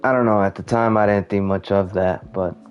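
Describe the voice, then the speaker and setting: A man casually venting about his life while playing a game, rambling and halting, often trailing off quietly. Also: on the low side, fairly even intonation, smooth. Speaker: gamer venting. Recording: muffled lo-fi audio with faint game music.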